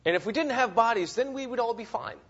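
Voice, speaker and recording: A man teaching a Bible class, lecturing in an animated, emphatic way, often repeating words and checking in with "right?", on a dull, lo-fi recording. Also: very high-pitched, quick pace, slight background noise.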